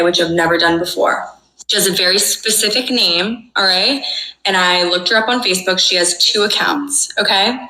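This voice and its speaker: A young woman tells a dramatic personal story with emphasis and casual swearing. Her low-pitched voice is bright. It rings in an echoey room. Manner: emphatic, swearing, checks in with "okay?". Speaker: storyteller in a played clip.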